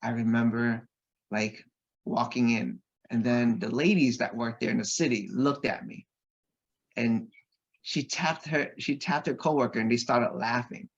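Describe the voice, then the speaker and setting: A man, a podcast guest, telling a personal anecdote in an animated way and acting out the voices of the people in it. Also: mid-range voice, a little slow, dull audio. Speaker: podcast guest, real estate investor.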